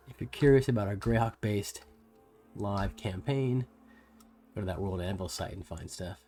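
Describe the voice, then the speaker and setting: A man with a soft US West Coast American accent, casually chatting with viewers on a livestream while painting miniatures. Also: lowish voice, moderate pace, slight background noise. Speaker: livestream host.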